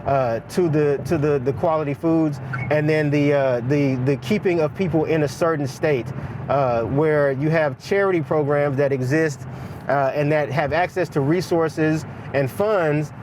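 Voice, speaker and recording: Halting analytical man, street traffic behind. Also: a little high, fairly even intonation. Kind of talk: documentary interview.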